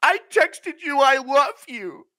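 A man doing a shrill, whiny aggrieved guy. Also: very animated, full character voice. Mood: whining. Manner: high-pitched, shouty, drawn-out whining. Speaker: streamer doing impressions.

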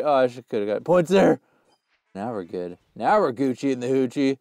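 A young man giving casual gameplay commentary, full of slang, who often bursts into loud screams and laughter. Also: mid-range voice, moderate pace, vocal fry, no room sound. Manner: hyped, yells and screams when excited, slangy. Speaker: gaming YouTuber.

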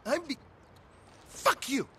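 A man's voice: takes it slowly, sharp tone. A man voicing a jumpy, paranoid cousin who whines frantically, in a video game cutscene. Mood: panicked. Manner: frantic, whining.

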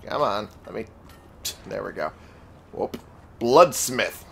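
A man's voice: slow, vocal fry. A man casually commenting while playing a video game, chatty and jokey. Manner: chatty, jokey, animated pitch jumps. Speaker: gaming video host. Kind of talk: casual let's-play commentary.

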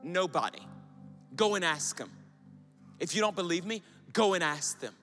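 Passionate youth preacher, bright and lively. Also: male voice, high-pitched, moderate pace, soft background music. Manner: urgent, swinging from loud exhortation to hushed whisper. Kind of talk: impassioned sermon to students.

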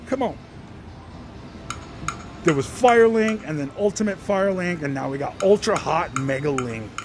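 Slot vlogger hyped up on the casino floor, voice jumping all over, keeps begging come on one more, loud machine music behind. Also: medium pitch. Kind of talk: excited live commentary while playing slots. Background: jingling slot machine music.

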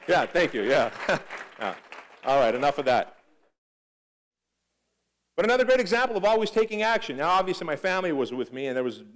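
A man's voice: on the high side, rough recording. A middle-aged man giving a live motivational talk, telling stories animatedly, acting out the dialogue and swearing. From Armenia. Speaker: motivational speaker.

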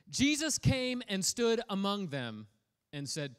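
A man's voice: on the high side, expressive, very slow, pauses often, clean tone. A man preaching a sermon as a pastor, casual and joking, reading scripture aloud and breaking off to comment on it. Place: church hall.

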